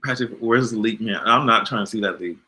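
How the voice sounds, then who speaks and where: A man hosting a casual livestream, animated and exasperated, swearing freely and answering his chat. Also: fairly low pitch, brisk. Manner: animated, exasperated, profane, talks back to chat. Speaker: YouTube livestream host.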